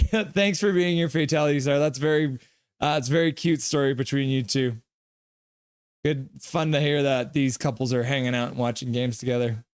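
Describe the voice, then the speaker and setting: A young man on a live stream, calling hockey play and reading chat aloud with excitable, goofy delivery. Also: mid-range voice, normal speed, clear, resonant tone.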